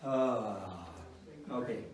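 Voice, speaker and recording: With a crowd audible behind him, the older man draws out his words in a steady, mid-range voice. He is teaching a church parenting class informally, folksy and wry, chuckling at his own tales. The mic is far off and the room echoes.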